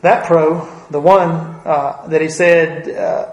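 A man delivers a sermon in a church sanctuary, his voice sitting a little high. He speaks earnestly, repeating key phrases for emphasis and dropping in folksy asides. The sound carries a roomy church echo. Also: fairly even intonation, slow, muffled recording. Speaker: preacher.

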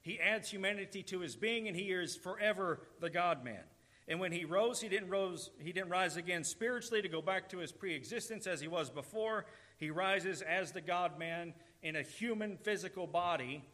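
Guy preaching, kinda high bright voice, earnest, repeats stuff for emphasis. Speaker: pastor. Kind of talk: sermon.

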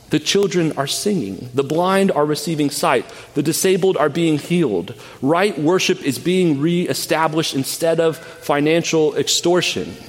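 A man's voice: a little high, slight background noise. Earnest preacher man in a reverberant hall. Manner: earnest, emphatic preaching with frequent word repeats. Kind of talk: sermon. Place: church sanctuary. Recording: long church hall reverb.

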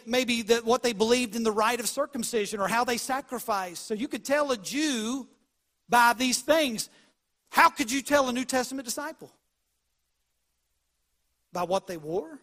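A male pastor preaching a sermon, telling stories with dramatic swings between loud and hushed delivery. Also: high voice.

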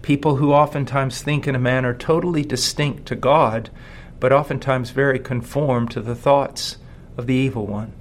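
A man in his forties preaching a sermon as pastor, asking rhetorical questions and slowing down to stress key words. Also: mid-range voice, steady tone, slight background noise.

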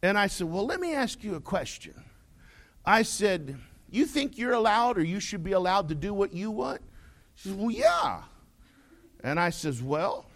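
A pastor with a fairly high voice that swoops up and down as he tells a story from the pulpit. He is folksy and animated, and he keeps acting out the other voices in his tale. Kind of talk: sermon storytelling.

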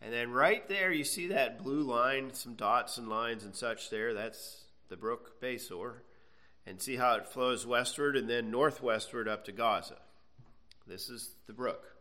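Bright-voiced male Bible teacher. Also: mid-range voice, measured pace. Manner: conversational, checks in with frequent "okay"; reads scripture aloud then explains.

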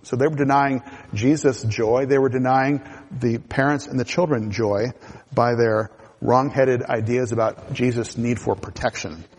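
A man's voice: mid-range voice, fairly even intonation, measured pace, darkish tone, slightly rough. A man preaching a sermon in a conversational way, with asides and restarts. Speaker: pastor. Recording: hall reverb.

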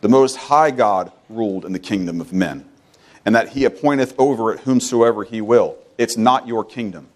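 A man preaching a sermon with emphatic delivery, repeating phrases and swinging between loud, high exhortation and quiet, low asides. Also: moderate pace.

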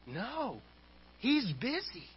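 A man voicing a small boy who whispers on the phone, playful and hushed. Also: high-pitched, very animated, takes it slowly, slightly rough, lo-fi sound, heavily acted.

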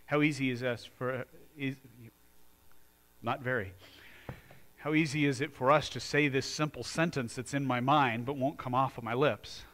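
A man preaching a sermon as pastor, moving from quiet, earnest talk to loud, fired-up exhortation. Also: mid-range voice, steady tone, normal speed.

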